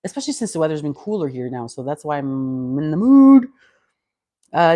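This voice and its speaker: A woman's voice: low-pitched, sing-song, normal speed, darkish tone, dry recording. A woman of fifty from Canada, vlogging in a chatty, rambling way with many restarts, close to a clip-on mic at home. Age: 50s. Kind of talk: casual chat.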